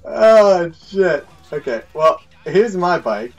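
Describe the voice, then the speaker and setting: A man doing let's play commentary, excitable and laughing, yelling at his teammates. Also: mid-range voice, takes it slowly, long pauses, distant mic, faint music behind. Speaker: gaming YouTuber.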